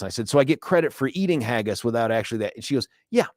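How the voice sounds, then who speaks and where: A man's voice: medium pitch, expressive, very fast, few pauses, no echo, studio quality. A middle-aged man hosting a talk radio show, telling a travel story in a chatty, self-mocking way. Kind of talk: casual talk radio chat. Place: radio studio. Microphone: studio microphone.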